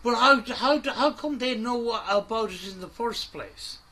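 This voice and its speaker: A man's voice: very high-pitched, measured pace, bright, forceful tone, a little hiss or hum. A man doing an angry, sweary reaction commentary, mocking and ranting at the video he watches. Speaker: commentary YouTuber.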